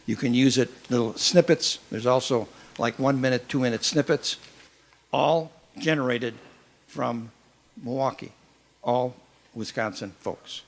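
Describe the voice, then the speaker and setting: Older man as organizer, mid pitch, halting and plain delivery. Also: creaky. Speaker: event organizer. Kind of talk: informal announcements at a gathering. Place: meeting hall.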